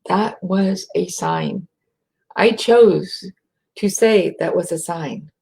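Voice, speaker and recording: A middle-aged American woman with a faint rural twang talks slowly and reflectively, her voice low and gravelly. She leads listeners through breaths in a soft, unhurried way, sometimes sinking to a whisper. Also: wildly swooping pitch. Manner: slow, soft, drops to a whisper at times. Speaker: spiritual speaker. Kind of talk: slow reflective talk with guided breathing.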